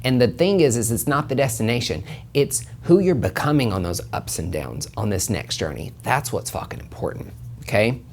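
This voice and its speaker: A man hosting a solo podcast about tarot and numerology, with a voice at a middle pitch for a man. He talks with heavy emphasis and plenty of swearing, jumping up in pitch to stress his points. He keeps calling the listener honey. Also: very animated, moderate pace, darkish tone, a little hiss or hum. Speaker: podcast host and tarot reader.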